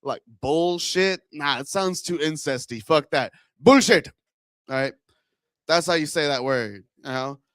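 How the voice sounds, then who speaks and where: A male stand-up comic working the crowd on a handheld mic, his fairly high voice smooth and clear. He rambles through bits and keeps breaking into laughs at his own lines. The sound is close and dry. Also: moderate pace, hardly any pauses, fairly bright tone, no room sound. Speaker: stand-up comedian. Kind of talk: stand-up set with crowd work. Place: comedy club stage.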